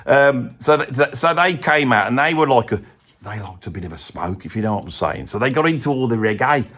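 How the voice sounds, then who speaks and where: A man's voice: medium pitch, fairly bright tone. A man with a Birmingham accent voicing a rambling, blokey older heavy metal fan in a comedy monologue, who keeps losing his thread. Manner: rambling, loses his thread, says bloody a lot. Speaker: comic pundit character.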